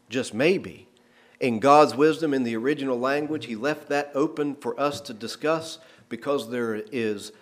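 Middle-aged preacher, soft then booming. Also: male voice. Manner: swings from soft, low storytelling to loud, slowed-down emphasis on quoted verses. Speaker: pastor. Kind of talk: sermon.

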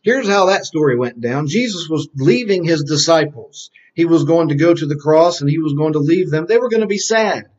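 Quizzing a group of children on a Bible lesson, this man answers his own questions slowly and repeats key phrases in call-and-response drills. His voice is a little high with a darkish tone, and the lo-fi recording sounds dull.

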